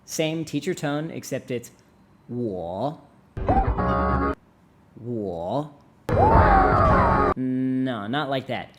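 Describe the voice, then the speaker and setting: Brief: young man, mid-pitched, comic language teacher, playful and exaggerated. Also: measured pace, few pauses, loud music behind the voice. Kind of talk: jokey video lesson.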